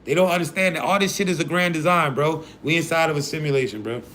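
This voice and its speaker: A man's voice: a little high, fast, a bit bright, a little hiss or hum. A man hosting a livestream who preaches in a casual, profane rant full of slang and hype. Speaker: livestream host.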